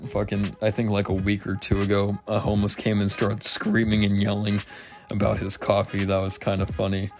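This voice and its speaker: A man's voice: lowish voice, completely flat delivery, brisk, faint music behind. A young man telling work stories in a casual vlog, rambling and swearing, not sober, laughing often. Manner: rambling, profane, laughing, slightly slurred. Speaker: vlogger. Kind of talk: casual storytelling rant.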